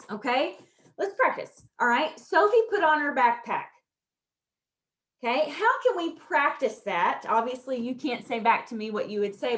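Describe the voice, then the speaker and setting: A woman in her thirties leading a training lesson for teachers, upbeat and animated, acting out praise to children in a bright, lilting voice. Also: on the high side. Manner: laughs often while explaining.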